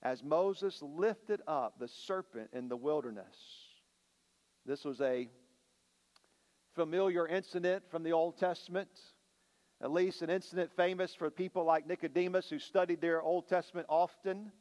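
Male pastor, sermon, high voice, dramatic slow emphasis, echoing hall. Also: a little mellow. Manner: preaching with dramatic slowdowns and rising emphasis.

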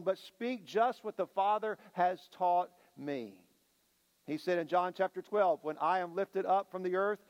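A man preaching a sermon as a pastor, slowing down and building emphasis on key lines. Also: high-pitched, in a large hall. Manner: preaching with dramatic slowdowns and rising emphasis.

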